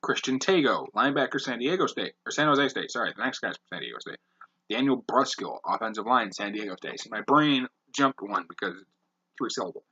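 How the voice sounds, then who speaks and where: A man hosting a podcast, briskly reading off a long list of names with blunt, profane asides. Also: mid-range voice, lively intonation, pushed and bright, husky, lo-fi sound. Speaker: podcast host.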